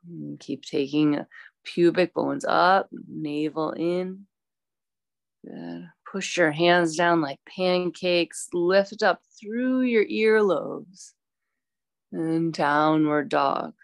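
A woman teaching a yoga class, calmly cueing poses and breaths with chatty asides. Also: lowish voice, very slow, gravelly, no room sound. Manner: calm, instructive, chatty asides.

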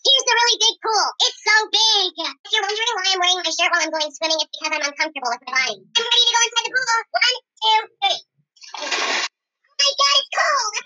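A man playing a hyper, whiny young boy in a comedy web series, with a sped-up squeaky voice and a rambling, petulant, rapid-fire manner. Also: animated, bright, forceful tone, heavily acted, rough recording. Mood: excited.

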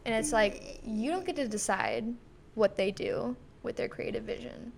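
Giggly chatty young woman, high voice. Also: normal speed, creaky, slight background noise. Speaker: podcast co-host. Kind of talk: casual chat about music.

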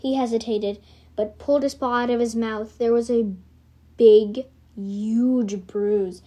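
A woman's voice: on the high side, fairly even intonation, slow pace, dark tone. A woman reading her homemade storybook aloud, rambling into self-correcting asides.

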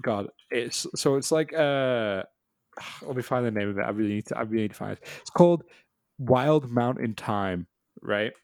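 A man's voice: mid-range voice, normal speed, no room sound. A man chatting on a podcast, laughing often and swearing freely as he tells funny stories. His voice sounds close and dry, with no room around it. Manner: laughing, swearing, animated storytelling. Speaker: podcast co-host. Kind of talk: casual chat.

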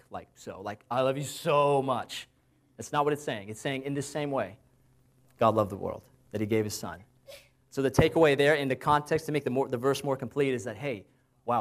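Man preaching a casual, conversational sermon. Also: medium pitch. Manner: casual, asks the listeners rhetorical questions; slows down to cite Bible verses.

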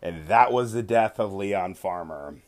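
A man's voice: deep voice, measured pace, a little mellow. A man hosting a podcast, casually retelling a tabletop game session, swearing freely and often correcting himself mid-sentence. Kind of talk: casual storytelling.

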